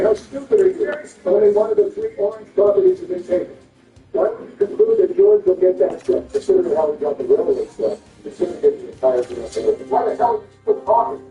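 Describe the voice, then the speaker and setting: A man's voice: fairly high pitch, mellow, reverberant, distant mic, poor audio. A man voicing squabbling grown men who trade indignant insults over a board game.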